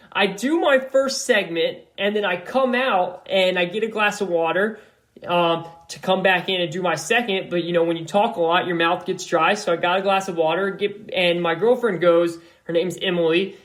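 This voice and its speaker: Loud, rambling young man hosting a podcast. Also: high-pitched, normal speed. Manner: loud, animated and rambling, with many restarts. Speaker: podcast host. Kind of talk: solo sports podcast talk. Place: apartment room.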